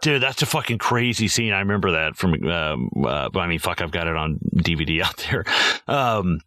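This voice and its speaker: A man's voice: low-pitched, lively intonation, moderate pace, sharp tone, no echo. A man hosting a podcast, chatting casually about a film in a rambling way, with lots of fillers and swearing. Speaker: podcast host.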